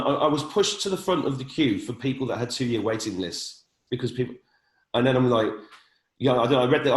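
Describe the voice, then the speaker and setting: A man's voice: medium pitch, echoey room, low-quality recording. A man in his fifties hosting a casual conversation, speaking earnestly with stammering restarts. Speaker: host.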